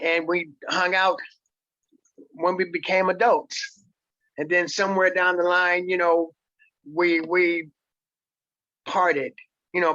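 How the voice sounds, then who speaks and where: Slow-talking high-voiced man in his sixties. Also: no room sound, lo-fi sound. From San Francisco. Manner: slow, relaxed storytelling with repeated words. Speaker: guest, stage actor. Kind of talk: casual interview chat.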